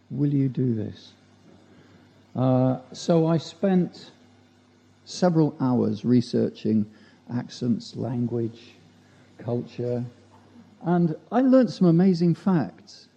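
A man's voice: medium pitch, expressive, slow pace, creaky, warm tone, breathy edge. A man at a church gathering, reciting a humorous rhyming poem with chatty, self-deprecating asides between verses. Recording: dull lo-fi recording.

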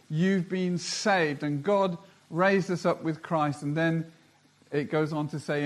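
A man preaching a sermon, who talks slowly and deliberately and reads scripture aloud. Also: on the high side.

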